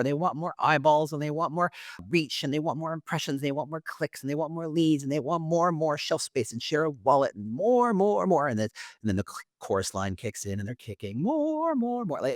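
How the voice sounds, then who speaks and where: Middle-aged guy on a podcast, super animated, voice jumps all over, dry close mic. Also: mid-range voice, dry recording. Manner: energetic, theatrical, lots of repetition. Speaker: podcast guest, employer branding founder. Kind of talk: animated conversational explaining.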